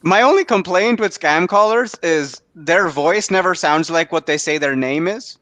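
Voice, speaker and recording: Young male comedy host from Canada, slightly high voice, rambling self-mocking delivery, laughs at his own lines, dry video-call sound. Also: moderate pace, fairly bright tone, no room sound. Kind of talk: stand-up comedy set.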